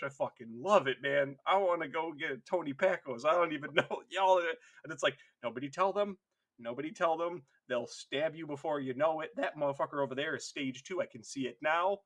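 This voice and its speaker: Husky high-voiced man riffing jokes. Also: moderate pace, hardly any pauses, fairly bright tone. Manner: profane, laughs often, riffs jokes. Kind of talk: casual comedic chat.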